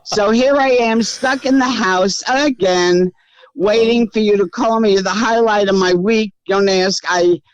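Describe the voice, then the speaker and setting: A woman's voice: medium pitch, a little slow, clean tone, no echo, highs cut off. A woman in her eighties with a Brooklyn accent, speaking as a guest in a casual interview from her house. She talks in a brassy, wisecracking, blunt way. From Brooklyn, New York. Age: 80s. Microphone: remote call.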